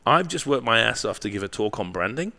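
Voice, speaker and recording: Brief: male guest, lively pitch, swears freely, punchy anecdotal delivery, checks in with "right?". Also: a little fast, gravelly. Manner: profane, animated storyteller with tag questions. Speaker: guest, marketing professor. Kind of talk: candid storytelling interview.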